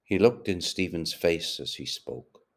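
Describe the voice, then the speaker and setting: A man narrating a literary novel as an audiobook, measured and deliberate. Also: low voice, expressive, creaky.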